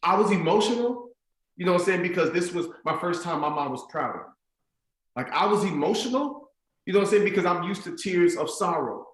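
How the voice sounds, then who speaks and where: A man giving a motivational keynote to school staff, telling a story in an animated, conversational way, heard with an echoey stadium sound. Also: sits high. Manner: animated, conversational storytelling with lots of "like" and "you know what I'm saying". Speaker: motivational speaker.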